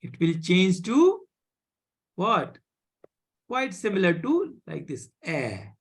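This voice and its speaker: A French teacher runs a live beginner class over a video call. The voice is a little husky and the delivery slow, with pitch that rises and falls a lot. The teacher patiently repeats points and keeps asking whether the students follow. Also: big pitch swings. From India. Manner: patient, repeats and checks understanding.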